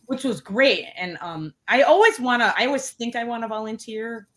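A woman in her forties, a guest in a casual interview, telling stories with lots of fillers and lively quoted voices. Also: moderate pace. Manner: animated, many fillers, acts out quotes in a higher voice. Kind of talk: casual storytelling chat.

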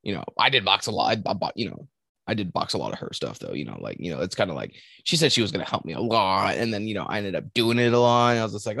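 A man's voice: fairly low pitch, vocal fry, fairly bright tone, dry recording, clean studio sound. A man co-hosting a podcast in casual banter, rambling and swearing with many restarts. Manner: rambling, profane, halting restarts. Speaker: podcast co-host.

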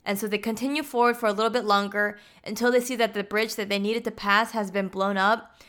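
A woman's voice: mid-range voice, fairly even intonation, brisk, a bit bright. A woman casually retelling a film's plot, chatty and full of "like" fillers. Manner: chatty, heavy use of "like" fillers. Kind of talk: casual film plot recap.

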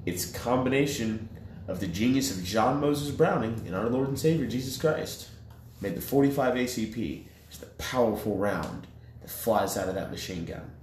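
A man co-hosting a podcast, ranting in profane casual banter that swings between loud outbursts and low mutters. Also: lively intonation, normal speed. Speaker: podcast co-host. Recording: echoey room with faint noise.

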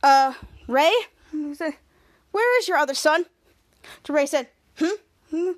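An animated young woman hosts a podcast at a measured pace, casually summarizing a TV episode. When she acts out characters' lines, she erupts into sudden loud, shrill bursts.

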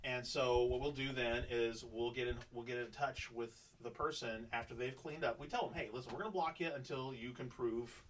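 A man's voice: mid-range voice, a little fast, hardly any pauses, distant mic, slight background noise, low-quality recording. A man telling a long work story in a casual podcast chat, swearing freely and acting out what people said. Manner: profane, animated, acts out quoted dialogue.

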